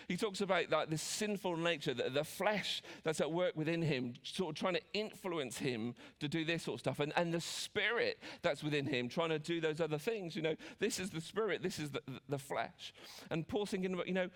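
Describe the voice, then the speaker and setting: High-voiced English preacher. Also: male voice, lively intonation, moderate pace, fairly bright tone, big-room sound. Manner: chatty, with frequent restarts and asides. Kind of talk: sermon.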